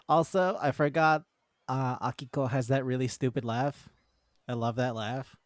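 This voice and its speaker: Man co-host, casual manga chat, animated and profane, acts out lines, dry booth sound. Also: medium pitch, moderate pace, dry recording. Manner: excitable, swears freely, acts out characters' lines. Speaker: podcast co-host.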